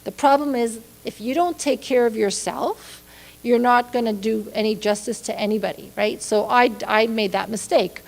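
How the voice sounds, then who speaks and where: A woman's voice: a little high, moderate pace. A woman giving a public lecture in a library hall, earnest and direct, checking in with her listeners often. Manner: earnest, repeats "okay?" and "right?" to check in with listeners. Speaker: speaker on caregiving.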